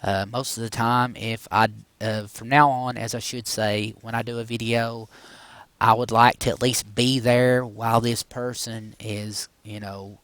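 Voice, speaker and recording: A man's voice: mid-range voice, flat delivery, a little slow, fairly bright tone, no echo. A middle-aged man hosting a paranormal podcast, talking straight to his viewers in a loose, rambling way with many fillers and frequent asides to "guys". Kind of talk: casual rambling monologue to viewers.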